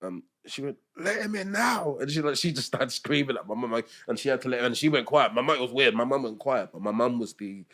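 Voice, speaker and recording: A man's voice: medium pitch, quick pace, few pauses, a bit bright. A young man, a podcast guest talking candidly about family in a rambling, self-interrupting way, laughing often.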